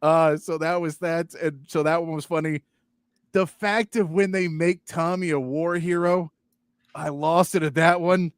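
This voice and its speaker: Animated man on a sports talk show. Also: a little high, unhurried, smooth, dry recording, studio quality. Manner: animated, mocking, acts out movie lines. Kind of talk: casual chat.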